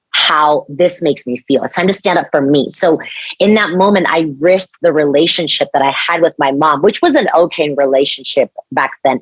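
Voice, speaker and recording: A young adult woman from Mexico, a podcast guest telling a personal story in an earnest, animated way, with many restarts. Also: deep voice, slightly rough, dry recording.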